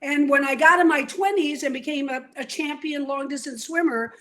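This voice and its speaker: High-voiced, animated older woman storyteller. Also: moderate pace, a little hiss or hum. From New York. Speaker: guest. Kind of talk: storytelling interview.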